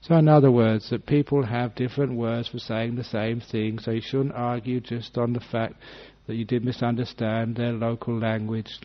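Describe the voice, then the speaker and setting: Unhurried monk teaching on lo-fi audio. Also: male voice, mid-range voice. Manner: unhurried, reads text then explains with gentle humour. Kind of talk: dhamma talk reading and explaining a sutta. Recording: dull lo-fi talk recording.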